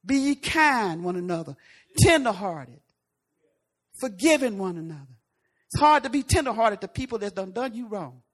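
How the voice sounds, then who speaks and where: A woman preacher giving a folksy, conversational sermon, swinging from loud emphatic lines to hushed asides. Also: medium pitch, animated, moderate pace.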